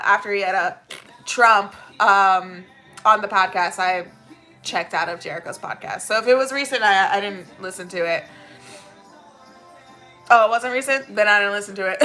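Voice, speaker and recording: A woman's voice: a little high, pushed and bright. A woman hosting a watchalong, reacting emotionally, swearing and laughing as she answers chat. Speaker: watchalong host.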